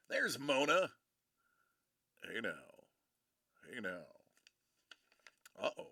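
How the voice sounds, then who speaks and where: Bright, gravelly, excitable streaming host. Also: male voice, a little high, unhurried, pauses often, no room sound, studio quality. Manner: excitable, playful, hypes up each card. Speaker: livestream host opening trading card packs. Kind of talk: live card-break commentary.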